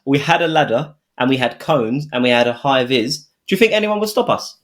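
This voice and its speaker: A man co-hosting a podcast, with a lively voice that rises and falls widely. He chats casually and teases playfully. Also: mid-range voice, brisk. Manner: playful, teasing. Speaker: podcast co-host. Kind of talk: casual chat.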